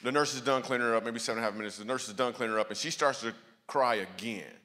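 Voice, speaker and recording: A man's voice: medium pitch, very fast, noisy background. A man giving a guest sermon at a church, telling funny stories and bantering with the crowd. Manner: storytelling with jokes, lively asides to the crowd. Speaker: guest speaker. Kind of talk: comedic sermon. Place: church auditorium. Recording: church hall reverb.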